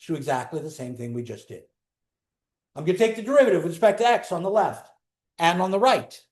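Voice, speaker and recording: Speaking a little fast in a fairly high voice, a man teaches calculus live. He animatedly guides students step by step, posing questions as he goes.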